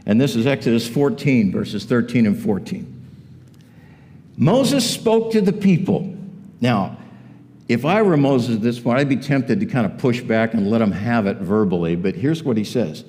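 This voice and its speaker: Animated male pastor in a reverberant church. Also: mid-range voice, measured pace. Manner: animated and conversational, joking asides. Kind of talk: sermon. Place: church auditorium. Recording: long reverb of a church hall.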